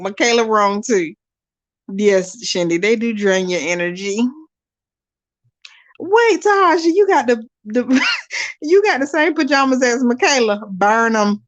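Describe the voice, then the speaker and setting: A woman hosting a live watch-along, reading viewer comments aloud and chatting casually to her audience, animated and quick to laugh. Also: mid-range voice. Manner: animated, laughs often, talks straight to viewers. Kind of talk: casual live-stream chat.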